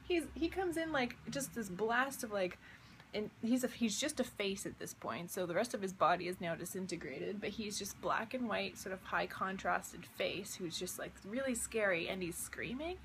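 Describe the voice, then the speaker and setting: With an animated, mid-range, somewhat bright voice, a young woman who just woke up tells her dream at normal speed. This vlogger and visionary artist rambles casually with plenty of fillers and a wondering tone, and there's a little hiss or hum.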